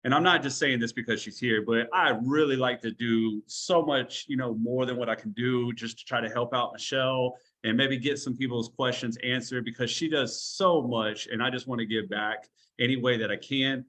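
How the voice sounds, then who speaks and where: A man's voice: medium pitch, steady tone, moderate pace, few pauses, bright, forceful tone. A man giving a motivational training talk over a video call, blunt and talkative, with a tough-love coaching manner. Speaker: online business trainer.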